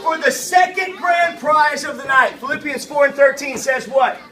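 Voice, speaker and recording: This is a children's minister teaching a Bible lesson to kids at church, high-pitched and speaking at normal speed, energetically urging the group to repeat lines and respond. The echoey room puts the voice at a distance, with loud crowd noise and children answering.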